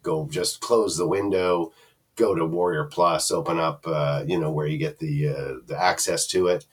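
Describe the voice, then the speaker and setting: A man's voice: a bass voice, fairly even intonation, normal speed, husky, distant mic. A man from Canada giving a rambling, casual screen-share review of an online product, full of fillers and restarts.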